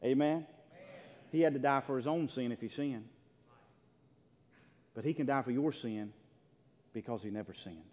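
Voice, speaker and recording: A pastor preaching a sermon in a church, emphatic, swinging between loud declarations and hushed, near-whispered lines. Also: male voice, medium pitch, normal speed, pauses often. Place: church sanctuary. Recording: long reverb of a large hall.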